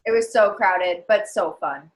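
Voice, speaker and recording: A woman's voice: medium pitch, a little slow. A woman in a casual chat, speaking with enthusiasm.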